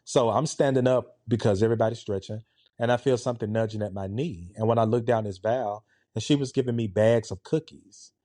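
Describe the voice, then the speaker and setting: Man, 40s, laid-back storyteller, low dark voice, dry close mic. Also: brisk, no echo. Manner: animated, conversational, with a laid-back, relaxed tone. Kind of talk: casual storytelling.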